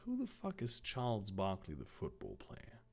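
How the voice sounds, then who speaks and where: A man's voice: lowish voice, wildly swooping pitch, normal speed, vocal fry. A young man reading fan fiction aloud for comedy, with sarcastic asides and swearing.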